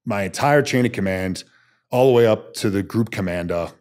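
Blunt, low-voiced man telling war stories. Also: normal speed, darkish tone. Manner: blunt, emphatic, swears casually. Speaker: guest, former special forces soldier. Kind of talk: storytelling in a podcast interview.

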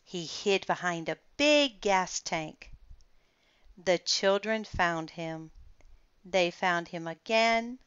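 A woman reads a children's picture book aloud, slowly and deliberately. Her voice is smooth and clear, recorded dry with a slightly muffled tone. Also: fairly low pitch, lively intonation, fairly bright tone, dry recording. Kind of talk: storybook read-aloud.

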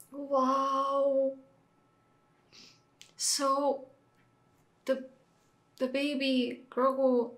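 A woman hosting a reaction video, talking through a show with emotional exclamations and gushing. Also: high voice. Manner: emotional, exclaims and gushes loudly. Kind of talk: excited reaction commentary. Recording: echoey room with show audio behind.

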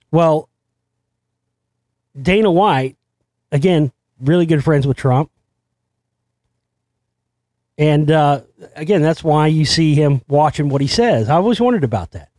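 Guy ranting on his own show, keeps restarting sentences, cusses, kinda high voice, dry sound. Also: no echo. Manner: rambling, excitable, swears, many restarts. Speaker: show host. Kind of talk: conspiracy commentary monologue.

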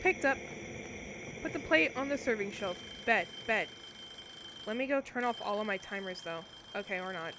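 A woman's voice: medium pitch, animated, a little fast, background noise. A young woman casually commentating on a cooking game she is streaming, talking playfully to her viewers as she plays.

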